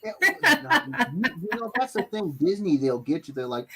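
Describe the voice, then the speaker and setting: Animated man hosting a livestream. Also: high-pitched, normal speed, few pauses, slight background noise. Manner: animated, rambling, with many fillers and restarts. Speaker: host of an art giveaway livestream. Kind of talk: casual livestream chat.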